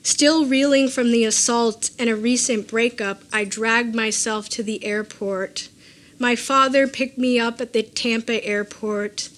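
A woman reading aloud from her own personal essay in a measured, deliberate way, with dry offhand asides. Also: fairly high pitch, a bit bright.

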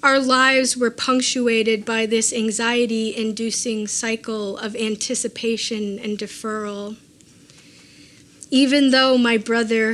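A woman with a somewhat high-pitched voice reads her own personal essay aloud to listeners. Her delivery is measured and deliberate, and she drops in dry, offhand asides between the passages. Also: fairly bright tone. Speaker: author reading her own memoir. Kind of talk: live reading of a personal essay.

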